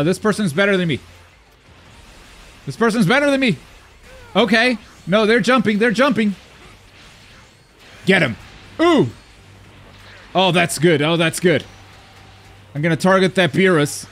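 A man commentating his own online game as he plays, talking to himself, muttering asides and then yelping loudly when things go wrong. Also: high voice, unhurried, long pauses. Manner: excitable, swings from mumbled asides to loud yelps. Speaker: gaming YouTuber. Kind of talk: live gameplay commentary.

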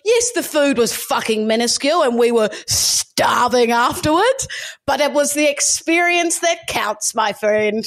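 A woman, co-hosting a podcast, telling a story in an animated way, swearing and laughing. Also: on the high side, unhurried. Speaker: podcast co-host. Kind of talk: casual storytelling.

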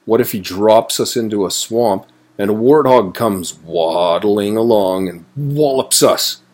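A man reading a children's picture book aloud in a low voice. He takes his time and lets each line land slowly and clearly. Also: darkish tone. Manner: slow, clearly paced reading. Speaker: storybook reader. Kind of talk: children's storybook read-aloud.

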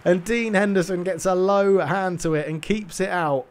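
Excitable man commentating his own game. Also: high-pitched, moderate pace. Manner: excitable play-by-play, bursts of loud cheering. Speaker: gaming YouTuber. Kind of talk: self-commentary on a football video game.

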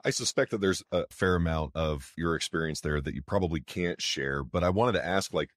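A man's voice: sits low, brisk, no echo, studio quality. A man hosting a podcast interview, asking long, loosely phrased questions with frequent fillers. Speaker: podcast host.

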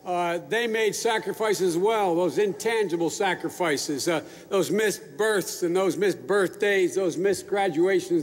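Older man, public speech to troops, folksy and rambling, slightly high voice, echoey hall. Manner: folksy, rambling with asides and restarts. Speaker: speaker addressing troops. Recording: echoey large hall with faint noise.

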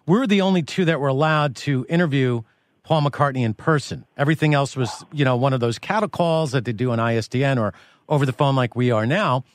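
A man's voice: medium pitch, brisk, no echo. A man hosting a radio interview, telling playful, teasing stories. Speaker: radio show host.

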